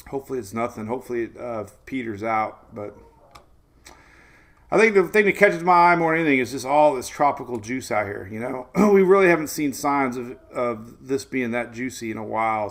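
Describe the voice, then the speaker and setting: A man in his forties hosting a casual live weather stream, chatty and rambling, laughing often and greeting viewers by name. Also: medium pitch. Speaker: weather show host.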